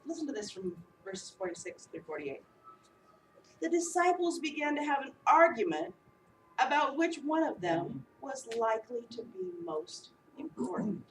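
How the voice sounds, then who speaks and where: Woman, preacher, sermon, animated, humorous, distant mic. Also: sits high, moderate pace, a little hiss or hum. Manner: animated, acts out the disciples with humor. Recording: echoey room, voice from a distance.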